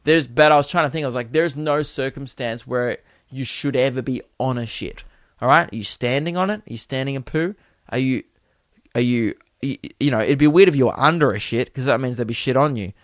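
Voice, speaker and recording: A man's voice: medium pitch, quick pace, no room sound. Man ranting through a comic story. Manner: animated, acts out quoted voices, exasperated. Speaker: podcast host. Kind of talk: comedic storytelling monologue.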